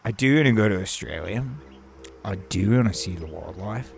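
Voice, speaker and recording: A deep, gravelly-voiced man talks slowly through a casual podcast monologue. He rambles, laughs a lot and swears offhandedly, with faint music behind him. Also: animated. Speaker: podcast host, aspiring voice actor.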